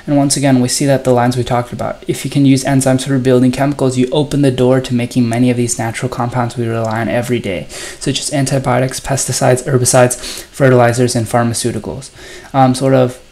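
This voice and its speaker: A man at a middle pitch walks students through test answers in a recorded review lesson. He reads passages aloud and then explains them, filling the pauses with ums and you-knows. The delivery is plain and explanatory. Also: flat delivery, darkish tone. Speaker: test prep tutor.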